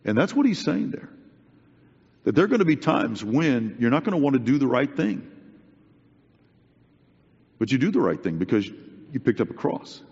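A male preacher delivers a sermon in an earnest, conversational manner, hammering his points home by repeating them. His medium-pitched voice is husky and darkish, with a sing-song lilt, a normal pace, and frequent pauses. The recording sounds dull and carries a long hall reverb.

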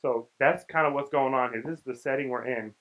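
A young preacher gives a casual, conversational sermon, voicing the lines of the story's characters. His mid-range voice is a bit bright and fairly quick, though the audio is poor.

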